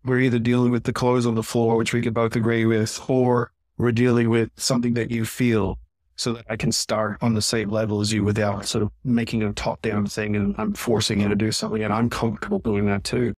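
A man's voice: fairly low pitch, completely flat delivery, fairly quick, a little mellow, no room sound. A man being interviewed as a communication trainer, explaining earnestly and often tagging on "right?". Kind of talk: podcast interview.

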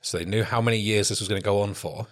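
A man's voice: on the low side, steady tone, quick pace. A man co-hosting a podcast, chatting casually and laughing at himself as he tells stories. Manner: laughing, self-mocking, eager storytelling. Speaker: podcast co-host. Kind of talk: casual chat.

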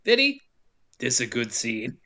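A man casually recapping a film for a co-host, joking and dropping into quick silly voices for the characters. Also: medium pitch, huge pitch swings, creaky, sharp tone. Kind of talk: casual comedic recap chat.

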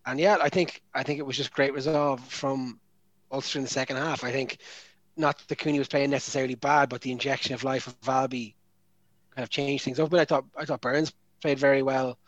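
A man's voice: mid-range voice, fairly even intonation, a little fast, no echo, dull audio. A man talking rugby in a hesitant way, with many ums and restarts. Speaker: podcast co-host. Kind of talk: casual sports chat.

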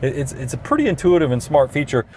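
Recorded inside a car, a middle-aged podcast co-host with a Southern US accent walks through features in casual, enthusiastic car review talk. His medium-pitched, slightly mellow voice swings widely in pitch and moves fast, with a little hiss or hum on the audio. He explains things eagerly.

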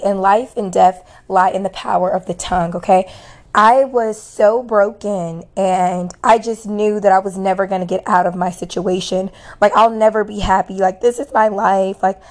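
Repeating her main points to drive them home, a faith-based motivational speaker casually encourages her viewers. Her medium-pitched voice is hoarse and worn, with a touch of mellowness.

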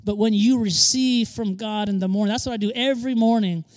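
A man's voice: high voice, fairly quick. A man preaching a sermon as pastor, emphatic, repeating key phrases for stress and slipping in joking asides.

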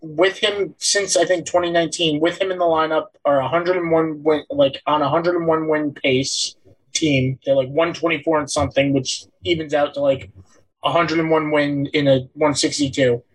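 A man's voice: fairly high pitch, steady tone, normal speed, slightly rough, poor audio. A young man hosting a casual sports podcast, teasing and sarcastic with his co-hosts. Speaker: podcast host.

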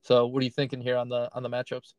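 A man's voice: medium pitch, monotone, quick pace, dull audio. A man talks through a casual podcast chat with plenty of "right?" and "like" tags. His voice sits in a middle register. The sound is dry and close, with no room echo. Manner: conversational, hedging with "right?" and "like". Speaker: fantasy football podcast co-host.

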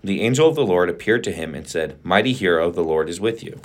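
A man co-hosting a podcast, reading scripture aloud at a steady, plain pace. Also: sits low, quick pace.

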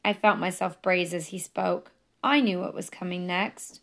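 A woman's voice: lowish voice, steady tone, moderate pace, gravelly, fairly bright tone. A woman reading her own memoir aloud in an earnest, emotional manner. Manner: earnest, emotional, building to intensity.

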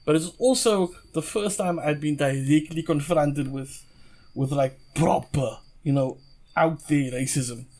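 A young man with a South African accent, a podcast guest telling stories in a loose, animated way, laughing often and swearing freely. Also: on the high side, unhurried. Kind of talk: casual storytelling.

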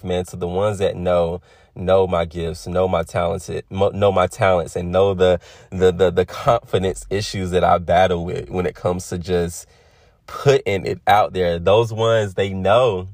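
A man's voice: sits low, fairly even intonation, a little slow, no echo, studio quality. A man in his twenties hosting his own podcast, talking to his listeners in a heartfelt, reflective monologue. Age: 20s. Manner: heartfelt, addresses listeners as y'all. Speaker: podcast host.

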